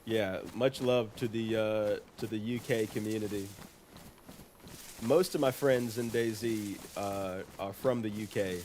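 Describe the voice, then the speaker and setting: A man's voice: fairly low pitch, fairly even intonation, unhurried, a little mellow, slight background noise. A man chatting casually on a live game stream, playful, laughing often and greeting viewers in chat. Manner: laughs often, playful, trying silly voices.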